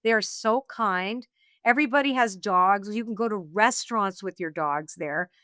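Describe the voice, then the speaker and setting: A woman being interviewed, telling a personal story in a lively, laughing way and acting out what she and others said. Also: mid-range voice, moderate pace, no room sound, clean studio sound. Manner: animated, laughing storyteller, acts out her own quotes. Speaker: guest, oracle deck author.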